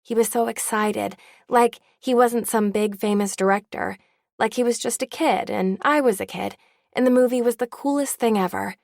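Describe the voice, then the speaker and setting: A woman's voice: a little high, moderate pace, gravelly, darkish tone, no echo, studio quality. A woman narrating an audiobook in the first person with a wry, candid tone.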